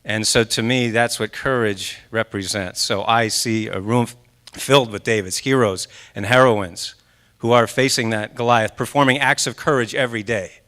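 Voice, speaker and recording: A man's voice: lowish voice, steady tone, normal speed, a bit bright. A man in his forties from Maine, a guest speaker giving a motivational talk at a church service. He tells his story with animation, acts out his own inner voice, and draws the audience in with questions. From Maine, USA. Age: 40s. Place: church sanctuary during a live service.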